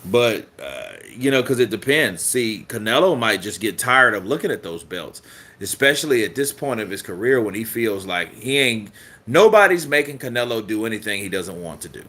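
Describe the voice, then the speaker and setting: A man's voice: fairly low pitch, lively intonation, normal speed, bright, forceful tone. A man hosting a live boxing news stream, joking and swearing casually while answering viewer comments. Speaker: host of a boxing news channel.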